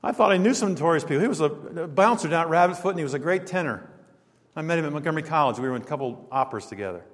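A male preacher with a high, ringing voice delivers an emphatic sermon. He asks rhetorical questions, quotes scripture and chuckles at his stories. A long reverb trails him through the church hall. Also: lively intonation, rapid-fire.

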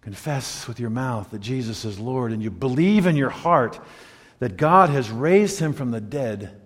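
A man preaching a sermon, telling a story and moving between loud emphatic points and hushed quiet passages. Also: mid-range voice, animated, a little slow, slightly rough. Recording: long reverb of a large hall.

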